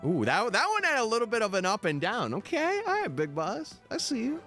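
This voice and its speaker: A man's voice: high-pitched, huge pitch swings, a little fast, sharp tone. A young man streaming live, chatting casually and answering his viewers' messages over faint background music. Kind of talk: casual livestream chat.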